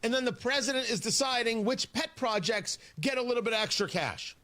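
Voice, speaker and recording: A man hosts a morning talk radio show from a studio, delivering an indignant, sarcastic monologue full of emphatic jabs into a studio microphone. His voice is very high-pitched and sharp, moving a little fast.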